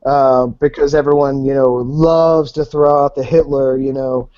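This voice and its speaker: Male podcast guest, animated storyteller, slightly high, dry and muffled. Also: moderate pace, hardly any pauses, no room sound. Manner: animated, swears, acts out voices in anecdotes. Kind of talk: casual storytelling. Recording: dull lo-fi podcast audio.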